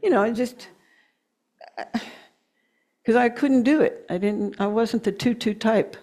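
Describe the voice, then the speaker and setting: A middle-aged woman giving an earnest, emotional sermon, slowing down to press her points and laughing at herself now and then. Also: fairly high pitch, darkish tone. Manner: earnest, emotional, with slow emphatic stretches and laughs. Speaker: guest speaker.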